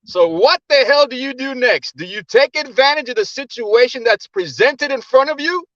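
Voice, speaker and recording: High-voiced man on a muffled call. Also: lively intonation, normal speed, pushed and bright, no echo. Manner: rhetorical, emphatic questioning. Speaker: caller on a podcast panel. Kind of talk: casual fan debate.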